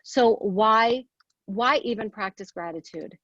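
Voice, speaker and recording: A woman's voice: medium pitch, slow pace, fairly bright tone, no echo, dull audio. A woman giving an earnest motivational talk, asking rhetorical questions and counting off her points. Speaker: speaker at a women's leadership event.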